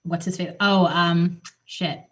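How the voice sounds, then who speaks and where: Woman cohost rambling fast and excited, restarts a lot, kinda muffled lo-fi audio. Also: fairly low pitch, background noise. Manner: animated, quick, rambling with restarts and swearing. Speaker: podcast co-host. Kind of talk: casual chat.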